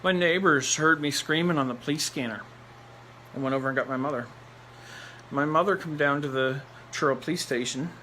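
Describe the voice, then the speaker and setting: Brisk and pushed, with a bright voice on the high side, a Nova Scotian man rambles bluntly through a personal story, laughing between lines and repeating phrases to stress them. A little hiss or hum runs through the rough recording.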